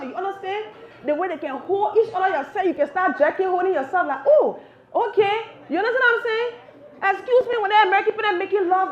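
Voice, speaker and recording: A woman from Liberia with a Liberian English accent doing animated live stand-up comedy, acting out voices as she goes. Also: extremely high pitch. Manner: animated, acts out voices, laughs through lines. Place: cafe stage with live audience. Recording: roomy, dull live venue recording.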